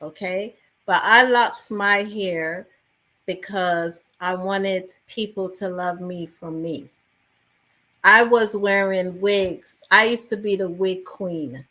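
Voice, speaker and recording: A woman, originally from England, telling stories in a lively interview conversation. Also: medium pitch, slow. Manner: animated storytelling with many fillers. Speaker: actress guest.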